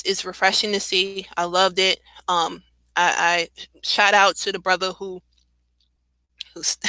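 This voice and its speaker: A woman's voice: on the low side, sharp tone, no echo, poor audio. A woman guest on a talk radio show, talking in an impassioned, conversational way with frequent fillers and some laughs. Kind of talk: casual radio commentary.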